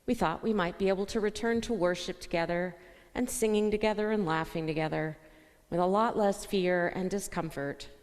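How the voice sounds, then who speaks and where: A woman with a lowish voice delivers an earnest, reflective sermon. A long reverb trails behind her words. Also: moderate pace. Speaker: minister.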